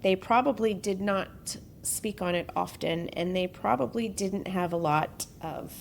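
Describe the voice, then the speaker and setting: Woman, podcast host, casual true-crime storytelling, jokey asides, mid-pitched voice. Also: measured pace, vocal fry, a little hiss or hum. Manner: chatty, with joking asides.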